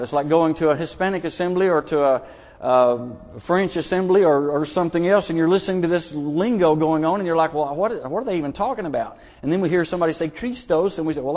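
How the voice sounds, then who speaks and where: Folksy preacher in a reverberant church. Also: male voice, fairly high pitch. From Arkansas. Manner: earnest, folksy, with repeated restarts. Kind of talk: sermon. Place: church sanctuary. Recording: dull lo-fi sound, long church reverb.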